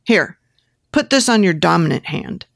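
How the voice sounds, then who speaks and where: Woman doing a sleazy bossy photographer guy, low gravelly voice, coaxing, dry close audiobook sound. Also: expressive, moderate pace, no echo. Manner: coaxing, giving step-by-step instructions. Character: pushy lecherous male photographer, coaxing and bossy.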